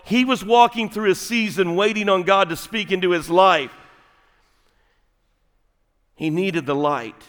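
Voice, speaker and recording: A middle-aged man preaching a sermon, folksy and animated, dropping at times to a quiet, intimate tone. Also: high voice, a little slow, pauses often. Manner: folksy, animated storytelling with sudden drops to quiet, intimate delivery. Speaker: pastor. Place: large church sanctuary. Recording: long hall reverb.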